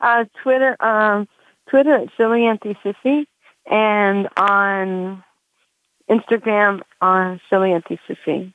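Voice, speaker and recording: A woman's voice: medium pitch, steady tone, takes it slowly, no room sound. Rambling woman comedian, chatting through her stand-up bit with lots of fillers. The sound is dry and squeezed down like a phone call. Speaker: comedian guest. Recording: dry, tinny phone line.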